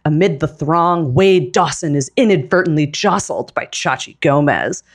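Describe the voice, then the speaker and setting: A woman reading the stage directions aloud in a live script reading, in a steady, deliberate manner. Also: deep voice. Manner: steady, deliberate, with occasional laughs.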